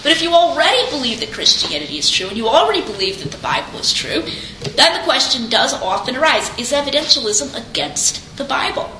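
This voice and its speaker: A woman's voice: sits high, brisk. A woman giving an informal lecture on Christian apologetics, speaking conversationally and animatedly and acting out quoted speakers. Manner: conversational, animated, quotes others in little voices. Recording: echoey room, faint background noise.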